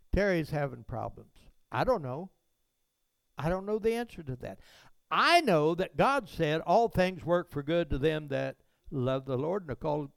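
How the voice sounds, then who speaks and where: A man's voice: fairly high pitch, gravelly, dry recording. A man preaching a sermon as pastor in a church, in a preacherly way that swells into fervent rises on words of praise.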